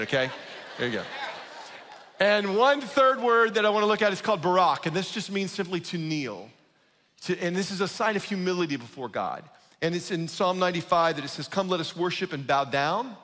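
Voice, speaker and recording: A pastor giving a conversational, emphatic sermon, often checking in with the congregation. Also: male voice, high-pitched, lively intonation, a little fast, a bit bright, big-room sound. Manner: conversational, emphatic, asks "right?".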